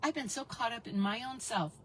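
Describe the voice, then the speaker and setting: A middle-aged woman telling her personal story as an interview guest, animated and acting out the people she quotes. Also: fairly high pitch, brisk, a little hiss or hum, poor audio. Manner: animated, acts out quoted voices.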